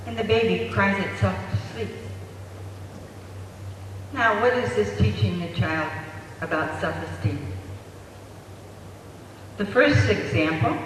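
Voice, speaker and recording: A man giving a parenting lecture to an audience, telling stories slowly and asking the room rhetorical questions, recorded in an echoey hall from far off. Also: sits high, a bit bright. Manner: slow, storytelling delivery with rhetorical questions to the audience. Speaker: parenting speaker. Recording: echoey hall, voice far from mic, faint noise.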